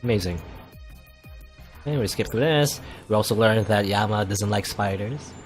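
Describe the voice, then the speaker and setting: A man's voice: on the low side, normal speed, faint music behind. A young man casually commenting on a visual novel as a let's play host, rambling with lots of likes and rights.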